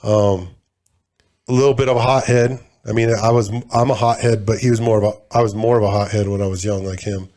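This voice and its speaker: A man's voice: on the low side, fairly even intonation, brisk, a little mellow. A man in his forties co-hosting a podcast, telling stories in a blunt, laid-back way and swearing freely. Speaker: podcast co-host. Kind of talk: casual chat.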